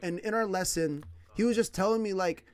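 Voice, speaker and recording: A man's voice: sits high, a little fast. Slangy, laughing man telling stories. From California. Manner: slangy, laughing, animated retelling. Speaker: English teacher. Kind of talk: casual storytelling.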